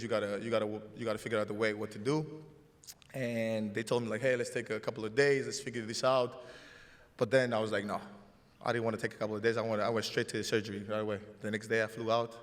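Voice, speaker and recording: Greek-accented man in an echoing hall. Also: fairly low pitch. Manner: halting, restarts often, emotional storytelling. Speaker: host. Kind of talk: live stage show conversation. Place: large hall before a live audience. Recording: long hall reverb.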